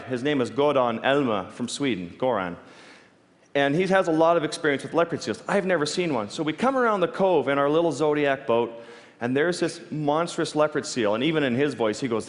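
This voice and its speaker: Brief: animated male speaker, fairly high voice, restarts mid-sentence, long hall reverb. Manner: animated, halting restarts, quick to laugh. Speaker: speaker telling stories. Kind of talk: storytelling talk on stage.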